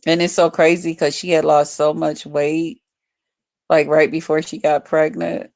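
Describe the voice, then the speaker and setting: A woman's voice: low voice, little pitch movement, a little slow, a little mellow, dry recording. A woman chatting casually to her viewers on a phone livestream from home, rambling and swearing freely. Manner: rambling, profane, talks straight to viewers.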